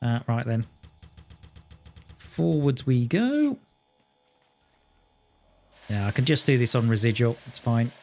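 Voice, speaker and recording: A man's voice: mid-range voice, animated, slow pace, long pauses, darkish tone. A man chatting casually while live-streaming a train simulator game, rambling, telling jokes and talking to his viewers. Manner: rambling, joking, talks to chat and himself.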